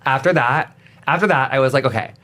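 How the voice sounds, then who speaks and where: A man as an interview guest, telling stories in a chatty, animated way with lots of filler words and sudden dramatic outbursts. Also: mid-range voice, brisk. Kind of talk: casual interview chat.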